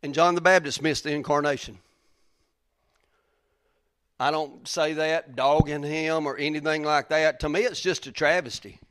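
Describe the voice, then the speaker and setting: Male preacher, high-pitched, bright and dry, chatty storytelling sermon. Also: steady tone, normal speed, long pauses, dry recording. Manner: folksy, conversational, acts out characters' lines.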